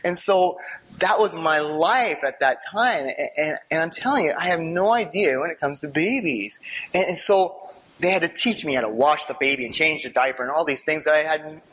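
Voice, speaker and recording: Husky-voiced man telling an animated testimony. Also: fairly high pitch, normal speed. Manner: animated, laughing, swings from hushed to excited outbursts. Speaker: speaker sharing a personal testimony. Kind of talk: storytelling testimony to an audience.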